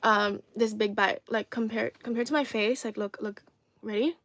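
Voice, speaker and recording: A woman's voice: on the high side, fairly even intonation, moderate pace, a bit bright, dry recording. A young woman from China hosting a casual eating live stream, sassy and playful, teasing her viewers and laughing often over a phone mic. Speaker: livestream host.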